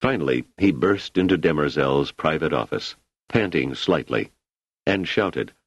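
Deep-voiced male audiobook narrator. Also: normal speed, breathy edge, dry recording. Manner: expressive storytelling. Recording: slightly muffled lo-fi recording.

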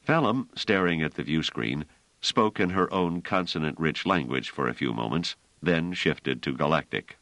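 Deep-voiced male audiobook narrator. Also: expressive, normal speed, a bit bright, no echo. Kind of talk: scripted narration.

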